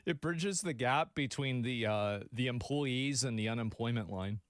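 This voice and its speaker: A man's voice: mid-range voice, normal speed, no room sound. Male video reactor, profane, exasperated, casual, dry sound. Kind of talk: casual commentary.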